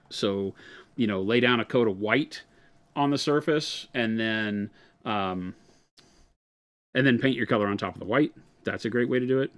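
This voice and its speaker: Low-voiced man rambling through painting tips. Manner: relaxed, rambling explanations with many fillers. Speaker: painting host answering viewer questions. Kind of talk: live-stream hobby chat.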